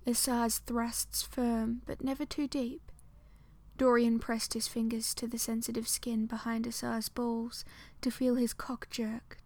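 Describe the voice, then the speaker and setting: Woman narrator, soft intimate audiobook reading, higher voice, dry close sound. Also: dry recording.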